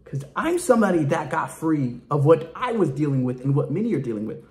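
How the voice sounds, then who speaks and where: Animated, emphatic man preaching casually. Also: fairly high pitch, brisk. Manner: emphatic and colloquial. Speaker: ministry speaker. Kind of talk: informal testimony preaching.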